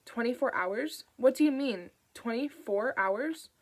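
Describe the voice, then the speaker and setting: A woman's voice: fairly high pitch, animated, unhurried. A woman voicing a tough, urgent woman on the run. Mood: stunned. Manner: urgent, clipped and forceful.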